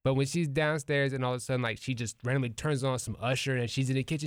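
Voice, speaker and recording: Comedian host, rapid animated delivery, dry close mic. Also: male voice, medium pitch, clean tone, no echo. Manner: animated, acts out family members' voices. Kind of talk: casual storytelling chat.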